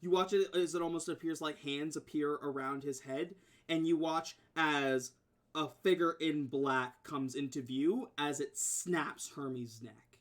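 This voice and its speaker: A man's voice: fairly high pitch, steady tone, unhurried. Rambling male game master. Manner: rambling, filler-heavy description. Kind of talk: narrating a tabletop game.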